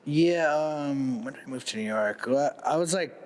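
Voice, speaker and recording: A man's voice: medium pitch, moderate pace. A man in his thirties from Cape Cod, a skateboarder guest telling stories in a casual interview, laid-back and swearing freely. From Cape Cod, USA.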